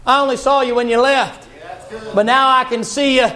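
Man, preacher, very high voice, folksy sermon, bursts of shouting. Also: fairly even intonation, moderate pace. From Southern United States.

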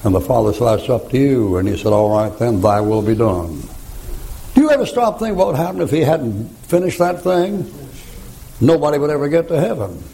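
Older male preacher, gravelly and mellow, folksy storyteller who chuckles and rises to fervent rhymes. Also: medium pitch, sing-song, fairly quick, low-quality recording. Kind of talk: folksy sermon with anecdotes.

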